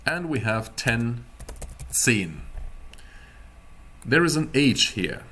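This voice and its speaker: Slow-talking playful male language teacher. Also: mid-range voice, sing-song, pushed and bright. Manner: playful, teasing, drills pronunciation slowly. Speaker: German teacher. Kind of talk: beginner language lesson.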